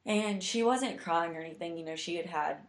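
Low-voiced young woman telling a story. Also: brisk, reverberant. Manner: chatty, heartfelt, many fillers. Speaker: guest telling a personal story. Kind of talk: casual storytelling.

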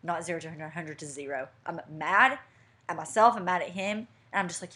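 A woman's voice: sits low, fast. A young woman co-hosting a podcast, telling a story in casual chat and acting out what people said. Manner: animated storyteller, acting out quotes. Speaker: podcast co-host.

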